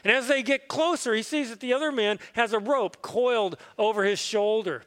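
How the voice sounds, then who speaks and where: A man's voice: very high-pitched, normal speed, fairly bright tone, smooth, in a large hall. A man, a pastor, telling a parable in a conversational, reflective sermon in church. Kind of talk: sermon storytelling.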